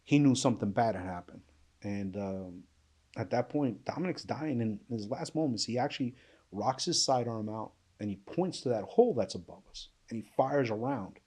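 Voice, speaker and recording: A man giving an emotional personal account as a panel guest, halting and subdued, with restarts and trailing pauses. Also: medium pitch, animated, warm tone, slightly rough. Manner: subdued, intense storytelling. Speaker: panel guest recounting survival.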